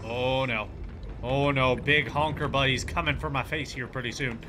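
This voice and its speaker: A man commenting on his own horror game playthrough, excitable, yelling and cursing at enemies, with game music behind him. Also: medium pitch, moderate pace, noisy background. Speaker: gaming channel host. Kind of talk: let's play commentary.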